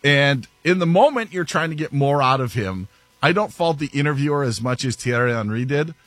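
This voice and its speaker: A man's voice: mid-range voice, animated, a little fast, a bit bright, no echo. A man hosting a sports talk show, telling stories with a self-mocking streak and laughing often. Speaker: sports radio host. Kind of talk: casual talk show banter.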